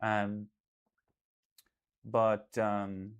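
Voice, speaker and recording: A man's voice: fairly low pitch, completely flat delivery, drawn-out words, smooth. A man in casual one-on-one talk, earnest and reassuring, rambling with fillers and restarts and repeating himself for emphasis. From Ireland. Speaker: artist and host.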